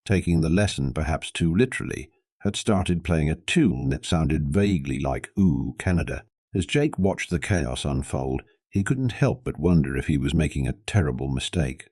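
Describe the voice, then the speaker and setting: Deep male narrator for audio stories, steady read, dry close sound. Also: no echo. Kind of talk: scripted narration.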